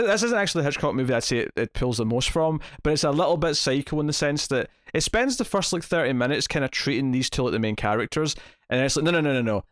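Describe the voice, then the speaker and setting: A man's voice: mid-range voice, no room sound, studio quality. A man hosting a casual movie review podcast, rambling and correcting himself as he talks, often breaking into a laugh. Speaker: podcast host.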